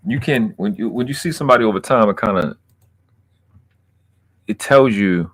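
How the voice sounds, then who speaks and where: Low-voiced man rambling casually on stream. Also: moderate pace, no room sound. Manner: loose, profane, rambling with restarts. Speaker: livestream host reading chat. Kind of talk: casual livestream chat.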